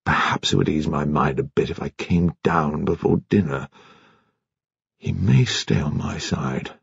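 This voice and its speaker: A man voicing a troubled older colonel in an audiobook, speaking in a subdued, measured, grave way. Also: low-pitched, expressive, husky, no echo, lo-fi sound, exaggerated voice. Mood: brooding.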